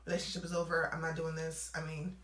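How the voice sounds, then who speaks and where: A young woman telling a storytime vlog, animated and acting out both sides of phone calls in a casual way. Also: sits low, fast, echoey room, rough recording.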